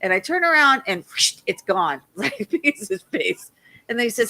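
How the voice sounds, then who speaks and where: Loud, animated woman telling a rambling story. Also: on the high side, normal speed, creaky. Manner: animated, laughs often, loud. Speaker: guest.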